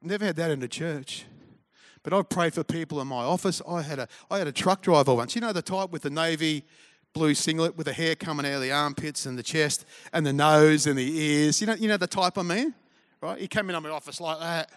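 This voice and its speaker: A man's voice: on the high side, fairly quick. A man, preaching a conversational sermon full of storytelling asides and humor. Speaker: pastor.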